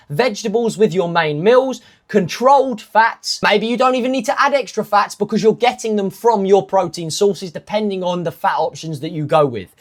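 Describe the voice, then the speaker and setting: Chatty male fitness coach giving rules. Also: sits high. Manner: chatty, with self-mocking asides; emphatic, stepwise lists of rules. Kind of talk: casual instructional talk.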